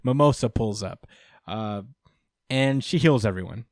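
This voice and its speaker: Dude rambling through a recap on a podcast, um-heavy, dry close sound. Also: male voice, on the low side, unhurried, no echo. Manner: rambling recap, many fillers, acts out quotes. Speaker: podcast host. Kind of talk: casual podcast chat.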